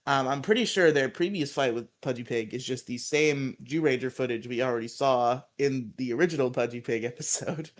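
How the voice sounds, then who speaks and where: A man's voice: mid-range voice, normal speed. A man co-hosting a podcast and recapping an episode in a loose, casual chat, laughing often. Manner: laughs often, quotes characters in put-on voices. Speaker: podcast co-host.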